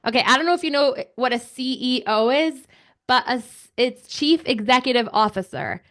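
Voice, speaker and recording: A young woman telling an animated story to children, chatty and excitable, with lots of filler words. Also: sits high, normal speed.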